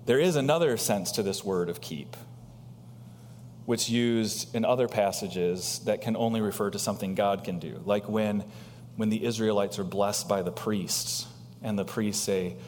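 Animated male preacher in a hall. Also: a little slow, slight background noise. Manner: animated preaching with rhetorical questions and big swings in pitch. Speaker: pastor. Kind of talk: sermon.

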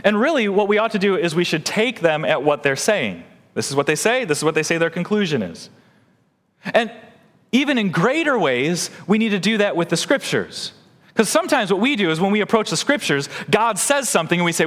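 A man preaching a sermon, animated and emphatic, his pitch swinging widely as he stresses points. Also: fairly quick, in a large hall. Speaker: pastor.

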